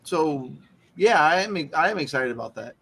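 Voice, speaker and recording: A man's voice: fairly high pitch, moderate pace, vocal fry, husky. A man in casual chat, laid-back and swearing, sometimes joking about himself. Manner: relaxed, profane, self-deprecating.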